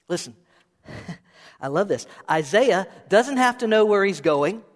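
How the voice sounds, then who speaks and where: High-voiced pastor preaching in a hall. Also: male voice, expressive, slow, long pauses. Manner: conversational, playful preaching with rhetorical questions. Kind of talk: sermon. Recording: reverberant hall sound.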